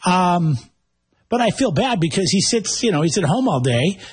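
A man in a casual chat who jokes around and gives blunt opinions. His voice sits a little high and sounds husky. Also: very animated, moderate pace. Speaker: podcast co-host.

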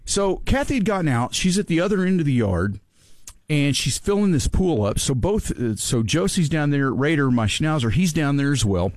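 A man with a high, very lively voice tells a story, excitable and quick to laugh. The sound is close and dry, with no room around it. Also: no room sound. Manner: animated, excitable, laughs often, acts out voices. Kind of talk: casual storytelling chat.

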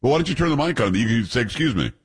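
Husky-voiced teasing radio host. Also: male voice, mid-range voice, big pitch swings, very fast. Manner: teasing, laughs a lot. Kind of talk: casual radio banter.

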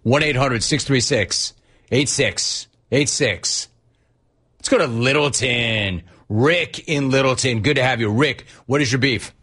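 A male talk radio host with a husky edge to his voice, talking at an ordinary pitch for a man. He riffs on his callers with energy and playful exasperation. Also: unhurried. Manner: energetic, riffing, mock-exasperated.

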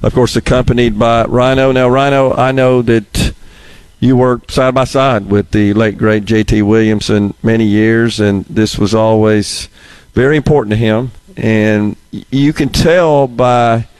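A man hosting a live radio fundraiser broadcast, speaking in a measured way with occasional fillers. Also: mid-range voice, fairly even intonation, darkish tone, clear, resonant tone, dry recording. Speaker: radio host.

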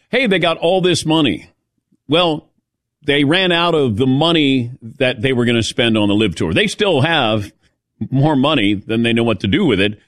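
This man hosts casual sports talk on the radio, a chatty storyteller with some sarcasm. His voice is mid-range and fairly bright, and the studio-quality recording is dry.

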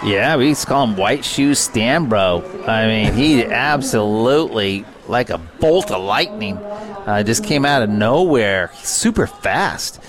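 A man's voice: medium pitch, expressive, slow, music in the background. Chatty male color commentator. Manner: chatty, many fillers like you know and uh. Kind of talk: radio sports color commentary.

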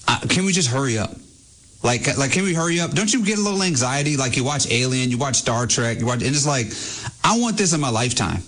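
A man's voice: mid-range voice, lively intonation, quick pace, a bit bright. A man co-hosting a radio show, rambling impatiently with lots of "like". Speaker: radio co-host. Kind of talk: casual studio banter.

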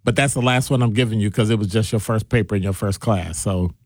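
A man's voice: lowish voice, quick pace, no room sound, clean studio sound. A man hosting a call-in radio talk show, reading listener texts aloud with playful, teasing banter.

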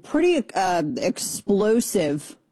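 Sarcastic woman radio host, dark voice. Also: medium pitch, sing-song, dry recording. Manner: sarcastic, exasperated, rapid-fire asides. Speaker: radio talk show host. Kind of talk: opinionated political talk radio.

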